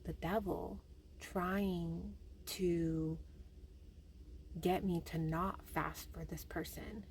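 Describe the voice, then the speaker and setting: A young woman telling a personal faith story in a chatty, animated way, with many fillers. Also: fairly low pitch, a little hiss or hum. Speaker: vlogger.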